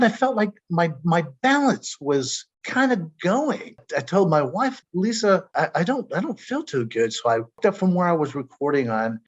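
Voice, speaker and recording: A man telling his own story as a podcast guest, earnest and emotional, often stumbling and repeating words. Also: a little high. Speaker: stroke survivor guest. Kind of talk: personal storytelling. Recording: dull lo-fi audio.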